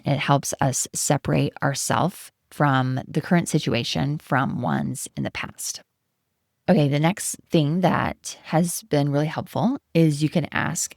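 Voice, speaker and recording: Woman host, life coach. Low, gravelly voice, gentle and encouraging, dry recording. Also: no room sound. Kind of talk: solo podcast talk.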